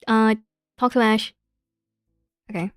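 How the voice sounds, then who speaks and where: A woman streamer reading a story game's narration aloud in a slow, hushed way, breaking off for blunt, swearing asides. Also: on the high side, fairly even intonation, smooth, dry recording, soft background music.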